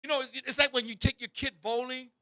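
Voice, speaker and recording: A man hosting a talk show, telling a raunchy story in an animated way, bursting into shouts and turning to his co-host again and again. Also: extremely high pitch, fast, no room sound, studio quality.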